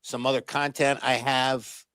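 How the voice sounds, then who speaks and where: A man in his sixties telling stories as an interview guest, animated, with many restarts and fillers. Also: mid-range voice, a little slow, clear, resonant tone, no room sound. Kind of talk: casual interview storytelling.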